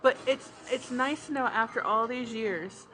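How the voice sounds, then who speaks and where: A woman's voice: on the high side, measured pace, a crowd in the background, poor audio. A woman co-hosting a podcast in casual chat, who laughs often and throws in teasing asides. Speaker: podcast co-host.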